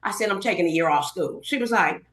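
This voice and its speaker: Animated middle-aged woman telling stories. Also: fairly low pitch, quick pace. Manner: animated storyteller acting out quoted dialogue. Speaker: podcast guest, hairstylist. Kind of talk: casual storytelling interview. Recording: roomy echoey podcast room.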